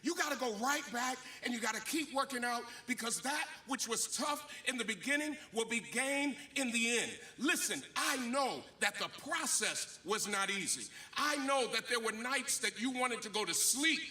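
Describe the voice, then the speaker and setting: A man's voice: very high-pitched, moderate pace, hardly any pauses. A man in his fifties, a bishop giving a graduation speech in a preacher's style, telling stories and acting out the quotes. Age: 50s. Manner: animated storytelling with acted-out quotes. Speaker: commencement speaker, bishop. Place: graduation ceremony.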